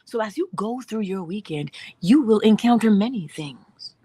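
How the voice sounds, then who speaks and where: A woman hosting a morning inspiration livestream, giving an animated spiritual talk and dropping at times into whispers. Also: mid-range voice, normal speed, breathy edge, no echo. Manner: animated, acts out dialogue in voices, drops to whispers.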